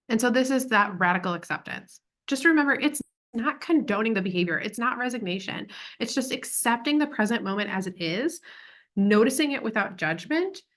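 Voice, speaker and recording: A woman's voice: on the high side, fairly bright tone. A young woman talking through a parenting lesson in a casual, chatty way, with plenty of "like" and "um". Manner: chatty, full of "like" and "um" fillers. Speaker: parent educator. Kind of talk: casual teaching talk.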